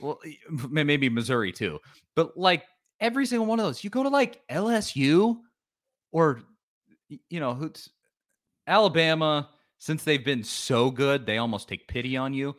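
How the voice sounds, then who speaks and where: Animated, bright-voiced male podcast ranter. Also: on the high side, normal speed. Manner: animated, ranting, mocks rival fans in whiny voices. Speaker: podcast co-host. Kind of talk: sports podcast banter.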